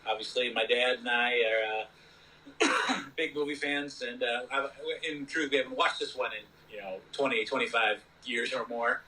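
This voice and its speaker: A man's voice: mid-range voice, normal speed, sharp tone, distant mic, slight background noise, poor audio. A man co-hosting a podcast, chatting casually about movies, rambling and dropping "you know" often. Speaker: podcast co-host. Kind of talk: casual movie review chat.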